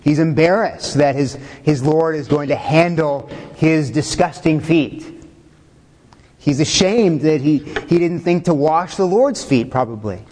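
A man preaching a sermon in a fairly high voice, in a loose, conversational way. He puts questions to his listeners and chuckles as he goes. A long echo trails his words through the hall. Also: measured pace, darkish tone. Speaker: pastor.

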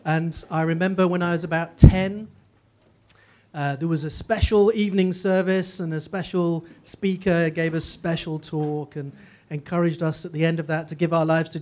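This guest speaker is a man in his forties whose high voice has a slightly mellow quality. He speaks with a posh English accent, comes from Northeast England, and tells his faith story as a funny testimony, poking fun at himself along the way.

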